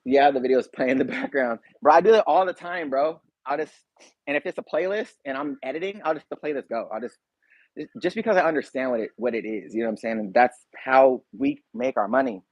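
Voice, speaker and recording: A man's voice: medium pitch, animated, a little fast, no echo, lo-fi sound. Laid-back slangy man chatting. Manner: laid-back, slangy, talks straight to viewers. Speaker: YouTube reaction channel host. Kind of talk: casual livestream chat.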